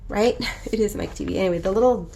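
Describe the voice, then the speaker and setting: Casual congested woman coloring, chatty and cheeky, mid-pitched, bit of pen scratching behind. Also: fast, noisy background. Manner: chatty, profane and playful, rambling asides. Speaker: coloring book artist and host. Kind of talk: casual chat while coloring.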